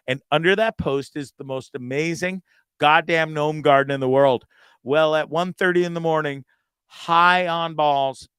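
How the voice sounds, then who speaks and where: A man's voice: mid-range voice, a bit bright, clean tone, dry recording. A male host telling a rambling, profane story with many stammered restarts. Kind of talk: casual storytelling.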